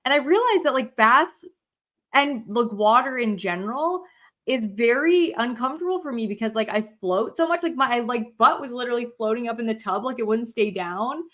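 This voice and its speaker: A woman's voice: on the high side, lively intonation, normal speed, a bit bright. A woman co-hosting a casual chat, speaking frankly with lots of fillers and the odd swear. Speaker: co-host.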